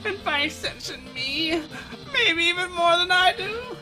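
A man voicing a boastful, theatrical male skeleton in a pompous, shouty, dramatic way, straining his throat. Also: very high voice, animated, unhurried, music in the background, pitched above the performer's own voice.

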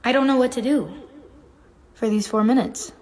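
A woman's voice: fairly high pitch, steady tone, normal speed, a little mellow, a little hiss or hum. A young woman in her twenties hosting a casual phone livestream, chatty and playful, reading comments aloud and humming between remarks. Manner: chatty, playful, reads comments aloud, hums and breaks into song.

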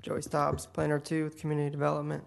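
Male city planner, heavy fry, monotone delivery, brisk report with fillers. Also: on the high side, a little hiss or hum. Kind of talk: staff report at a public meeting.

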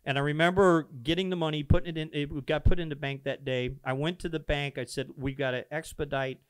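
A man, a pastor, telling a founding story in a casual podcast conversation, earnest and animated, acting out the dialogue. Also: a little high, a little fast, clear, resonant tone, no echo. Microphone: podcast microphone.

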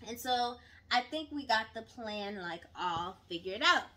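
A young adult woman telling a storytime to her viewers in casual chat, animated and dramatic, acting out her own quotes. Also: fairly high pitch, a little slow, a little hiss or hum.

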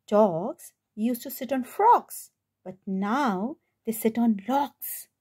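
A woman storyteller reads a children's picture book aloud, warm and expressive. Her voice is high and lively, rising and falling a lot, and she takes her time over every line. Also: slow pace, breathy edge.

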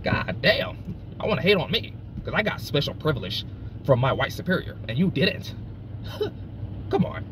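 A man's voice: on the high side, very animated, moderate pace. Male comic as a cocky, foul-mouthed working guy bragging from his car, heavy road noise. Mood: boastful. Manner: profane, boastful, taunting. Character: brash, crude, self-satisfied working man. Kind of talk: comedic character monologue.

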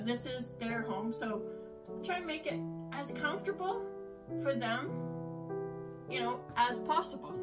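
An older woman showing her rabbits in a casual vlog, rambling with fillers and talking softly to the animals, recorded in a shed. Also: a little high. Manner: soothing, coaxing with animals. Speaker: homesteader. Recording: echoey, distant from the mic, music behind.

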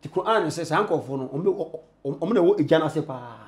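A man being interviewed, talking in an emphatic, preachy way with sudden loud bursts. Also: on the high side, expressive, fast. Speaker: interview guest. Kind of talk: animated conversational interview.

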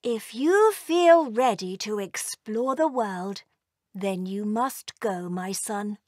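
A woman voicing a kind, protective mother dragon in a storybook reading, with slow, motherly coaxing. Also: mid-range voice, animated, darkish tone, no echo, clean studio sound. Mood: tender.

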